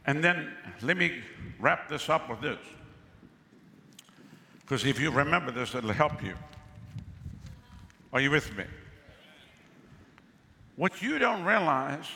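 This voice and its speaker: Preaching slowly and pausing often, a pastor with a gravelly, bright, pushed voice on the higher side animatedly exclaims and keeps calling for answers from the crowd. He's in an outdoor pavilion, captured with long reverb and faint background noise.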